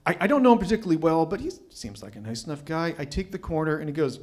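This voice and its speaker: A man's voice: fairly high pitch, sing-song, very fast, few pauses, a little mellow. A man telling a personal story at a live storytelling night, wry and self-mocking.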